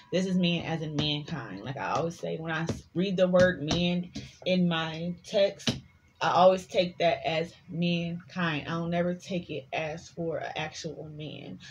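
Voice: medium pitch, highs cut off. A tarot reader giving a casual collective reading, chatty and sassy, swearing freely and rambling between the cards.

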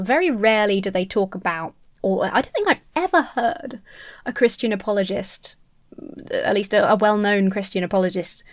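A young British woman on a close microphone, speaking in a middle register. She comments bluntly on the subject and is quick with sarcasm and the odd swear word. The sound is dry, with no room around it. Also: medium pitch, no room sound. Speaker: video commentator. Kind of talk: casual commentary to camera.

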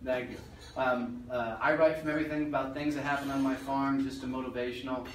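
A man's voice: medium pitch, level tone, a little fast, a little hiss or hum. Blunt joking man in an echoey room. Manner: blunt, joking, swears casually. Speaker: motivational speaker. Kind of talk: live talk to a small business audience. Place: meeting room. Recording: roomy echo from far off.

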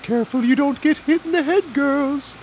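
A man doing squeaky high cartoon cows. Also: moderate pace, slight background noise, rough recording. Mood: cheery. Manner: very high, sing-song and excited. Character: cheerful chatty farm cows, female.

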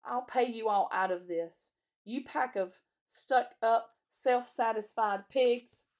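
A woman's voice: on the high side, slow pace, a little mellow, voice pushed up. A woman reading aloud and voicing a spiteful, sulky English schoolboy who sneers.

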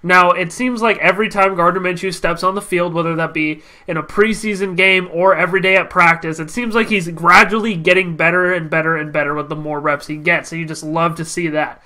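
A young man hosting a casual football recap, energetic and confident, his voice stuffy from a cold. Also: high-pitched, brisk, hardly any pauses. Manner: energetic, confident fan talk. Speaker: sports channel host.

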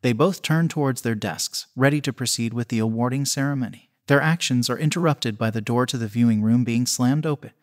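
A man narrating a fan fiction story in a steady, even reading voice. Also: mid-range voice, brisk, few pauses. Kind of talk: scripted narration.

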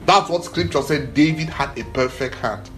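A man preaching a sermon in an animated, emphatic way, with short phrases repeated for emphasis. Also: moderate pace, faint music behind. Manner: animated, emphatic preaching that swells in pitch and volume.

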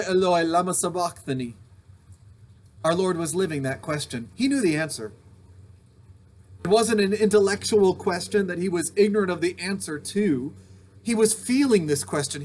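A male pastor giving an earnest, emphatic sermon recorded at home, returning to repeated refrains. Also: high voice. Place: home during a thunderstorm.

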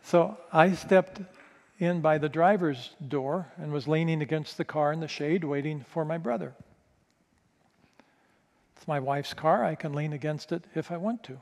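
A male pastor telling a candid, self-mocking story in a sermon, stumbling over quick restarts. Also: fairly high pitch, a little mellow. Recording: long reverb of a large hall.

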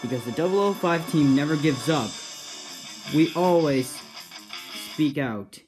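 A man voicing a brave young male engine who leads his team, shouting excited commands. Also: on the high side, normal speed, music in the background, voice pushed up, natural voice. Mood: defiant.

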